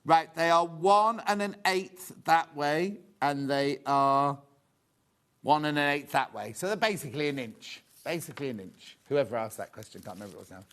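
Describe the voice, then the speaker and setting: A man with a slightly high voice hosts a live TV shopping show from a studio. He keeps up cheerful, chatty sales patter, calls out prices and chats with the crew off camera. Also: normal speed, fairly bright tone. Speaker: shopping channel presenter.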